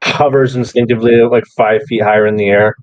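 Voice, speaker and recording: A man's voice: fairly low pitch, steady tone, fairly quick, muffled recording. A man narrating as game master in a tabletop game, describing scenes loosely with lots of "like"s. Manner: loose, casual describing with many "like"s.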